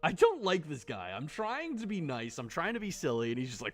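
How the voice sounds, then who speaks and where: A man's voice: fairly high pitch, huge pitch swings, a little fast, few pauses, fairly bright tone. A man streaming a game live, talking casually and sarcastically, swearing often.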